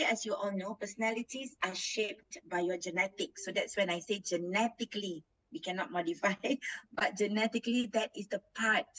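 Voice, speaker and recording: A woman's voice: medium pitch, fairly bright tone, poor audio. A woman with a Malaysian English accent giving a guest lecture, switching between English and Malay and repeating words as she searches for them.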